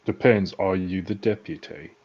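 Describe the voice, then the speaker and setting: A man's voice: low voice, steady tone, normal speed, darkish tone, breathy edge, dull audio. A man playing a tabletop game, talking in a polite, wry, joking way. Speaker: player.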